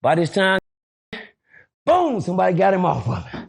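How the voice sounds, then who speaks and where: A middle-aged man telling stories in a casual interview. He is animated and keeps switching into the voices of people from his stories. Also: high voice, normal speed, creaky, husky. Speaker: guest.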